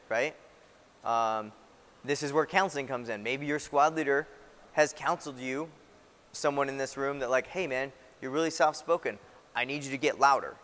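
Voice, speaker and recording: A male instructor gives a classroom lecture in a mid-pitched voice. He talks in a loose, conversational way and keeps checking in with his listeners. The recording carries a long reverb tail, as if from a large hall. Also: a bit bright. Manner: conversational, often checks in with "right?". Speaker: military instructor.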